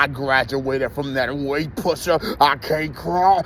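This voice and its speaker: A man's voice: medium pitch, takes it slowly, hardly any pauses, fairly bright tone, a little hiss or hum. A man ranting heatedly to his viewers in a profane, repetitive vlog monologue. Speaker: vlogger.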